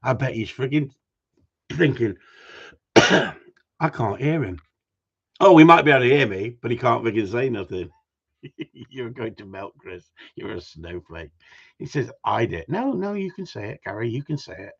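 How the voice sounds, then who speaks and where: Male stream host, mid-pitched, jokey banter with chat, muffled lo-fi sound. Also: lively intonation, normal speed, gravelly, breathy edge. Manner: joking, banters with chat, frequent laughs. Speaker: livestream host. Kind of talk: casual livestream chat. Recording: dull lo-fi stream audio.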